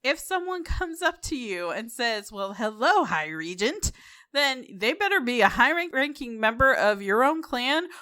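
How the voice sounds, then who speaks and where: A woman co-hosting a casual podcast. Her voice is bright and lively, jumping up and down in pitch as she explains with playful emphasis. The sound is dry and close, with no room around it. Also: moderate pace, few pauses, clean tone, dry recording. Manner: animated, laughs often, playful emphasis. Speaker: podcast co-host.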